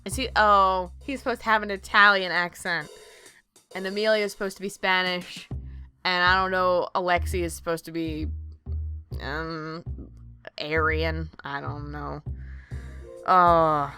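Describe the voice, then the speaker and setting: A woman's voice: lowish voice, steady tone, measured pace, long pauses, sharp tone, soft background music. A young woman hosting a gaming channel, with a slightly stuffy nose and a giggly, self-deprecating way of talking. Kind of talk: let's play commentary.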